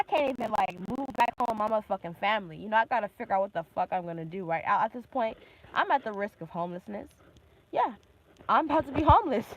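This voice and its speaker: Twenties woman ranting into her phone outside, kinda high voice, swearing nonstop, bursty and worked up. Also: a little hiss or hum, poor audio. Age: 20s. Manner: agitated, heavily profane, talks in bursts. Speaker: vlogger. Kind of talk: angry live-stream rant.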